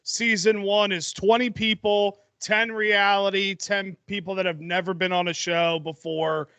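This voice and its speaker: A young man co-hosting a podcast, telling a story in an excited, rambling way and restarting his sentences. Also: high-pitched, clear, resonant tone, no echo. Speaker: podcast co-host. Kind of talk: casual chat.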